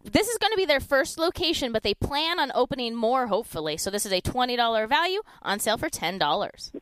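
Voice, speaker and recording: A woman hosting a radio deal show, chatty and upbeat, with a bouncing, animated delivery. Her voice is smooth and sits a bit high. The sound is dry and close. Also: no room sound. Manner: chatty upbeat sales pitch, repeats phone number slowly. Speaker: radio shopping show host. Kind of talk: live radio deal segment with callers.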